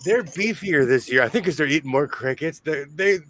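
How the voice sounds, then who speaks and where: A man's voice: a little high, lively intonation, fairly quick, fairly bright tone, slight background noise, poor audio. A man hosting a casual sewing chat, telling stories and laughing often. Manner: chatty storyteller who laughs often.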